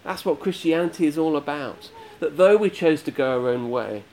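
A man's voice: fairly high pitch, moderate pace, a little mellow, a little hiss or hum. Earnest man preaching a sermon. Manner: earnest, emphatic with repeated phrases.

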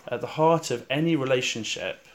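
Male preacher, sermon-style guided meditation, calm and reflective, unhurried with pauses, hushed on recited verses. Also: medium pitch. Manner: calm and reflective, with slow pauses, dropping soft on repeated verses.

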